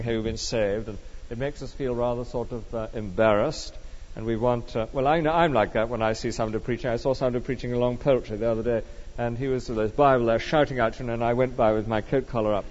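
A man's voice: mid-range voice, darkish tone. A man preaching an expository sermon, reading Bible verses and putting questions to his congregation. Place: church. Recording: dull, long-reverb church recording.

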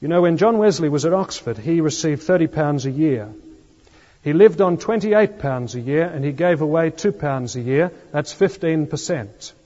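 Pastor preaching in a reverberant church. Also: male voice, a little high, animated, mellow. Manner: earnest preaching with emphatic pauses. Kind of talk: sermon. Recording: long church reverb, dull lo-fi sound.

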